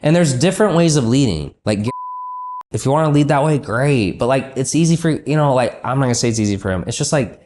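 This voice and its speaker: A man's voice: mid-range voice, lively intonation, fast talker, darkish tone, a little hiss or hum. A man coaching a business owner in a blunt, profane, ranting way.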